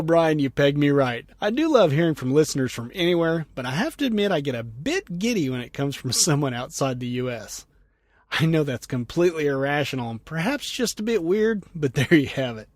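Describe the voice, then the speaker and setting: A man's voice: a little high, no echo. A man hosting a trucking podcast, chatting casually through listener mail, laughing often and leaning on "you know" fillers. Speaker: podcast host and truck driver.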